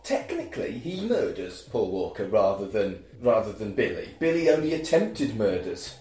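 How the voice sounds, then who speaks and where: A man chatting about a film with animated, sweary reactions as a podcast co-host. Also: fairly low pitch, normal speed, echoey room. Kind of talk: casual film recap chat.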